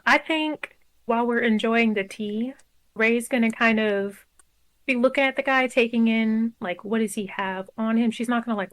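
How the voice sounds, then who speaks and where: A woman's voice: on the high side, fairly bright tone. A woman playing a tabletop game, chatty and hedging with fillers. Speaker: player. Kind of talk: casual tabletop play.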